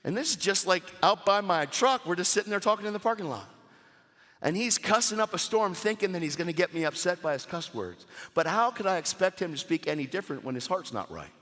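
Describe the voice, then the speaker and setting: Guy preaching a sermon, high bright voice, all over the place pitch-wise, big hall reverb. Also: brisk. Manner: animated, casual slang-filled delivery. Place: church service.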